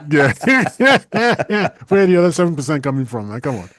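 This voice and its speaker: A man co-hosting a casual podcast discussion, chatty and animated, laughing often and restarting his sentences. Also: a little high, normal speed, no echo. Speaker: co-host.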